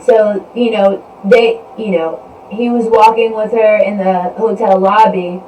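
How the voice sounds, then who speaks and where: Slow rambling podcast lady, you know every other line, far from mic, big echo. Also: mid-range voice, steady tone, dark tone, lo-fi sound. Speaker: podcast host. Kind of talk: casual storytelling monologue. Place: indoors, live stream. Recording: roomy echo, distant from mic, faint noise.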